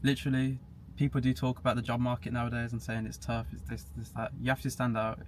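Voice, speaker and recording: Flat-voiced young man, casual chat. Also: mid-range voice, fast. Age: young adult. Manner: flat, matter-of-fact, laughs at himself. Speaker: guest. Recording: faint background hiss.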